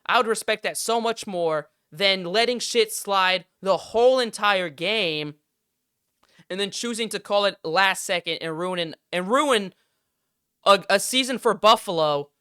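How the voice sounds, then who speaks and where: Young male podcast host, frustrated sports ranter, bright and smooth clear tone. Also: high voice, normal speed, no room sound, clean studio sound. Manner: heated, frustrated ranting with swearing. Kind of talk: casual sports commentary rant.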